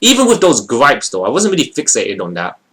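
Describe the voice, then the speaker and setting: A young man talks through a video review in a casual, rambling way, his pitch rising and falling with lively swings. His voice sits mid-range, with faint music playing underneath. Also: brisk. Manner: expressive, rambling with fillers.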